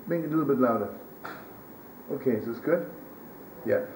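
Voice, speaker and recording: Weak-voiced rabbi telling stories loosely. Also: male voice, mid-range voice. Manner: loose, halting storytelling with Yiddish words. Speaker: rabbi and storyteller. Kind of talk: storytelling sermon. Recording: roomy archival recording from a distance, faint hiss.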